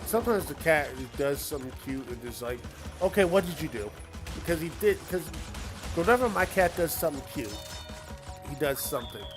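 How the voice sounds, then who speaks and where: Over video game music, a man hosts a game livestream, talking in a brisk, very animated voice on the high side. He rambles chattily as he plays, using plenty of fillers.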